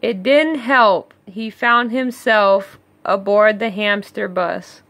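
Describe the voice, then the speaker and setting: Woman reading a rhyming storybook slowly. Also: medium pitch, fairly bright tone, dry recording. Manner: slow, measured reading with chuckling asides. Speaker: read-along storyteller. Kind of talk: reading a rhyming picture book aloud with asides.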